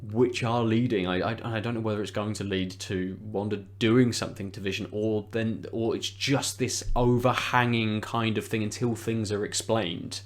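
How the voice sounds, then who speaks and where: A man's voice: fairly low pitch, steady tone, normal speed, hardly any pauses. Hesitant man thinking aloud. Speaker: podcast co-host. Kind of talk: casual chat.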